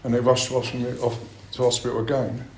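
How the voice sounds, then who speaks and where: A man's voice: medium pitch, monotone, fairly quick, a little hiss or hum. A middle-aged man giving a blunt personal share at a recovery meeting, swearing a lot as he talks. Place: meeting room. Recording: roomy meeting-room echo.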